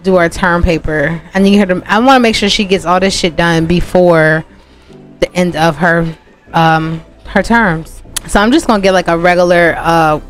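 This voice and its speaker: Chatty, cussing woman gaming host. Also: on the low side. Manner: chatty, profane, talks to viewers as "y'all". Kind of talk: casual gameplay commentary.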